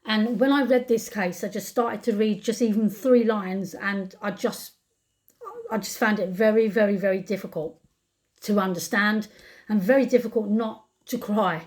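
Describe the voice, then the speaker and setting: A woman's voice: mid-range voice, normal speed, darkish tone. A woman with a British accent, talking to camera in an upset, angry rant, often repeating words. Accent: British English. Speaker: vlogger. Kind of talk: emotional commentary to camera.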